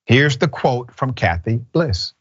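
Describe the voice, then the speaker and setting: A man's voice: medium pitch, sing-song, takes it slowly, slightly rough, dull audio. Emphatic talk show host, man. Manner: direct, emphatic, addresses people head-on.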